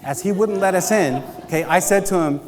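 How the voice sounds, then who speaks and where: A man from Guam giving a keynote talk, telling a story in an animated way and acting out the dialogue. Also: high-pitched, a little fast. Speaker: keynote speaker. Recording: long hall reverb with faint noise.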